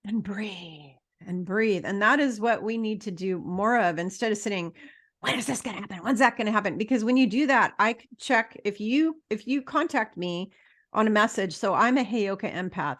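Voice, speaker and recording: A middle-aged woman with an average-pitched voice hosts an interview in a loose, conversational way. She talks emphatically and bluntly to her listeners, lecturing them and dropping swear words along the way. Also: a bit bright. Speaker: podcast host.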